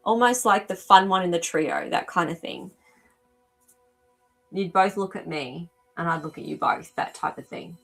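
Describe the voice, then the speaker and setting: Hesitant, chatty woman with a lowish voice. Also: moderate pace, gravelly, a bit bright, faint music behind. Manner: hesitant, searching for words with frequent ums; responds to viewers' live comments. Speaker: animal communicator hosting a live show. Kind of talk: live-stream reading, casual chat.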